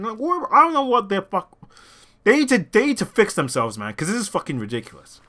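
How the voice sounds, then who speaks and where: A young man rambling excitedly about a movie in an unscripted rant, swearing a lot, his throat sore from talking. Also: high voice, a little fast. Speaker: movie vlogger.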